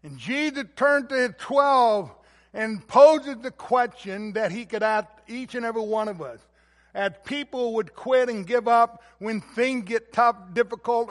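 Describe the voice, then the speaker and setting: High-voiced man preaching in a reverberant hall. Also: measured pace. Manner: emphatic preaching, swells louder on key words. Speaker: pastor. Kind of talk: sermon.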